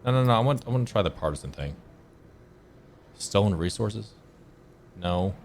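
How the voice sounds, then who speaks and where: Male streamer, deep voice, laid-back rambling gameplay commentary with a few swears. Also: expressive, moderate pace, a little hiss or hum. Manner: rambling, self-correcting storyteller. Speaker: gaming streamer.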